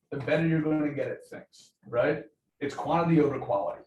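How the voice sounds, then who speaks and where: A man's voice: a little high, brisk, darkish tone. Upbeat guy coaching a training group, roomy echo, faint hiss in the room. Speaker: training session leader. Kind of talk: lively group training talk. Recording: roomy echo, distant mic, faint noise.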